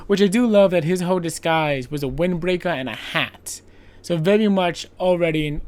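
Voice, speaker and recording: This is a podcast host recapping a movie in a casual, rambling way. The talk is peppered with "like" and mild profanity, and the pitch sits in the middle. Characters' lines get acted out in quick quoted bits. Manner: chatty, profane, lots of filler "like".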